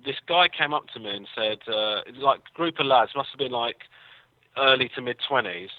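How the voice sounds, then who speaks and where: A man's voice: medium pitch, moderate pace, dry recording, phone-quality sound. An English man, a comedian guest, telling rambling anecdotes with a dry, self-deprecating humor. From England. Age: young adult. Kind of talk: casual storytelling.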